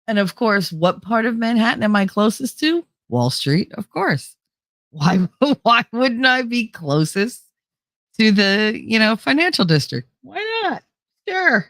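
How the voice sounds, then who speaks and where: A woman's voice: medium pitch, big pitch swings, measured pace, a bit bright, no room sound, studio quality. A woman with a New Jersey accent hosting a casual livestream chat, laughing often and going nasal at times. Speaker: host.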